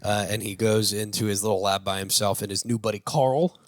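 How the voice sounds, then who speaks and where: A man's voice: lowish voice, fairly even intonation, fairly quick, no echo, studio quality. A man hosting a movie review show, recapping a film's plot in a loose, rambling way with lots of fillers and restarts, and laughing now and then. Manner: laughs while talking.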